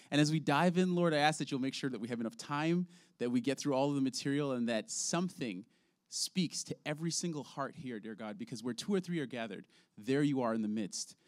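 A man's voice: mid-range voice, no echo. Earnest preaching man, dry close sound. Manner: earnest, animated storyteller. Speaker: children's ministry trainer. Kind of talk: prayer and teaching talk with storytelling.

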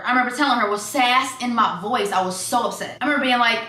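A young woman vlogging in a chatty, sassy way, getting animated as she tells stories. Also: a little high, fast, hardly any pauses. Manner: chatty, sassy, animated when quoting people. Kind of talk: casual storytelling vlog. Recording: echoey room with faint background hiss.

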